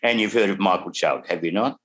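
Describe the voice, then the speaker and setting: An older Australian man, a guest songwriter, telling lively stories over a video call and laughing as he goes. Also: deep voice, a little fast. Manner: animated storyteller, laughs through his stories. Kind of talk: casual anecdote telling.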